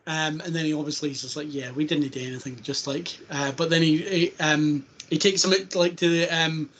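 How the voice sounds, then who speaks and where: A man hosting a casual podcast chat, rambling with plenty of fillers and breaking into quick impressions of scenes. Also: a little high, steady tone, a bit bright, a little hiss or hum. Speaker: podcast host.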